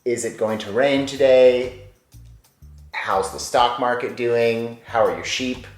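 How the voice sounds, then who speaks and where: A man's voice: mid-range voice, slow pace. Man, playful, joking host, casual chat, echoey room, faint music. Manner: playful and jokey. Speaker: vlog host.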